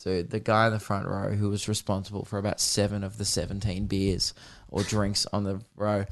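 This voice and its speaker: Speaking briskly in a fairly low voice with little pitch movement, the podcast host, an Australian man in his twenties, rambles through crude comic anecdotes in an easygoing chat.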